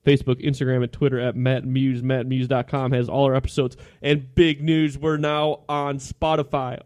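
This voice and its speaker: A man's voice: mid-range voice, a little mellow, clear, resonant tone. A young man co-hosting a casual sports podcast, teasing his partner and cheerfully plugging the show. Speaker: podcast co-host.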